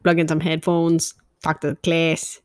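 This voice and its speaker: A woman's voice: sits low, completely flat delivery, measured pace, darkish tone, no room sound. A teenage girl co-hosting a casual chat, playful and giggly, making fun of herself. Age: teens. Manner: giggly, playful, self-mocking. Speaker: podcast co-host. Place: indoors at home.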